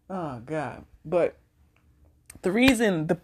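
Low-voiced woman rambling candidly. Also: a little mellow, slightly rough. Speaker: podcast host. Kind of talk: casual solo podcast monologue.

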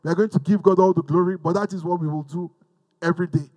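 A man's voice: sits high, fairly even intonation, quick pace, warm tone, no room sound, rough recording. A man from Africa preaching a teaching sermon, fervent, repeating phrases and leading the listeners in call-and-response.

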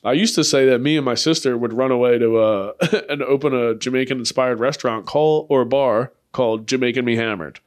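A man's voice: mid-range voice, a little fast, few pauses. A young man hosting a comedy podcast, rambling in crude, profane bursts and laughing often at his own jokes. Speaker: podcast host.

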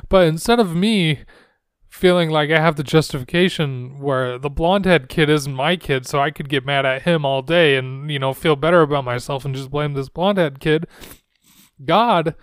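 A young man with a slightly high voice hosts a solo reflective podcast, speaking at normal speed in an earnest, searching, soft-spoken way into a close microphone. His tone is clean, with no room sound.

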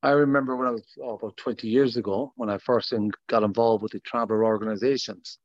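A man's voice: on the low side, steady tone, fast talker, no room sound. A man hosting a podcast, talking in a loose, rambling way. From Ireland. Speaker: podcast host. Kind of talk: casual podcast interview. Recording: dull, lo-fi, dry sound.

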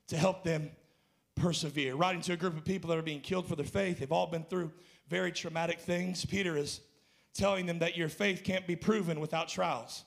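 A male pastor preaching an impassioned sermon in a church, rising to shouts and then dropping low. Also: gravelly.

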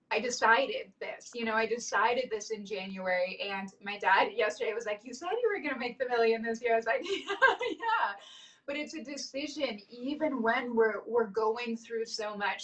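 A woman's voice: a little high, distant mic, poor audio. A woman in her thirties hosting a casual chat, telling stories in an effusive, emotional way. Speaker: host.

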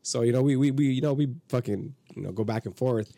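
A man hosting a podcast in casual chat, profane and animated, acting out quotes as he tells stories. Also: medium pitch, fast talker, gravelly, no echo. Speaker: podcast host.

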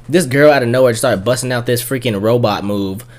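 A man casually telling a night-out story, animated and playful, and he mimics other people's voices as he goes. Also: brisk. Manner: animated storyteller, acts out high squeaky voices for the women he quotes.

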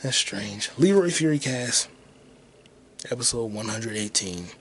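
A man's voice: medium pitch, expressive, measured pace, a little hiss or hum. A man hosting his own podcast solo, rambling casually and profanely while muttering to himself as he searches online. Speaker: podcast host.

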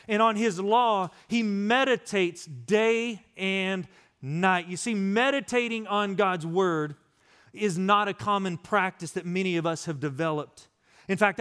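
A man's voice: sits high, a bit bright. A middle-aged male pastor preaching a sermon in a conversational, storytelling way, acting out the voices of people he talks about.

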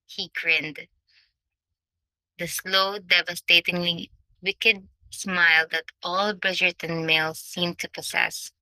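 A woman reading a novel aloud as audiobook narrator, in measured storytelling. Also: fairly low pitch, level tone, bright, forceful tone, no echo, poor audio.

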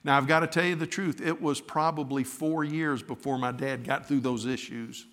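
A man's voice: mid-range voice, fairly even intonation, moderate pace, fairly bright tone. An older male preacher delivering a sermon, telling a heartfelt personal story and rising into fervent exhortation. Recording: reverberant hall.

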